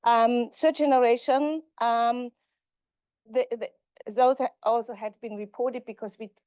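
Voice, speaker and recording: A woman professor giving an academic conference lecture, halting and correcting herself as she goes. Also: fairly high pitch, steady tone, darkish tone, clear, resonant tone, no echo. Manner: halting, self-correcting delivery. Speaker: linguistics professor.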